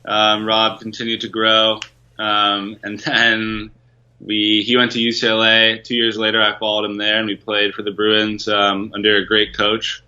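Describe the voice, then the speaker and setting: Laid-back male guest from New York with a very sharp, bright voice and dull lo-fi recording. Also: fairly low pitch, monotone, a little slow. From Rochester, New York, US. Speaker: company co-founder, guest. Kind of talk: casual interview.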